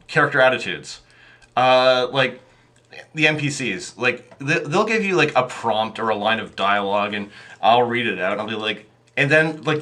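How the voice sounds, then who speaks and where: A man's voice: fairly low pitch, bright, forceful tone. A man talking as a podcast guest about running tabletop games, rambling with many fillers and restarts. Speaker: podcast guest, game master. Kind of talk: casual interview chat.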